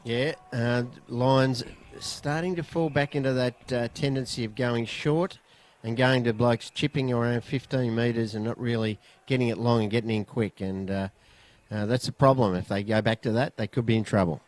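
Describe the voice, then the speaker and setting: Australian colour commentator, relaxed and hesitant, thinks aloud about the play. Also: male voice, mid-range voice, moderate pace. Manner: relaxed, hesitant analysis with fillers. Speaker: expert commentator. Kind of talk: sports commentary analysis.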